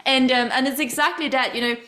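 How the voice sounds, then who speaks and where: A woman's voice: high voice, fairly even intonation, fast, pushed and bright. A woman hosting a podcast, gushing and enthusiastic, swearing freely in casual chat. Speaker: podcast host.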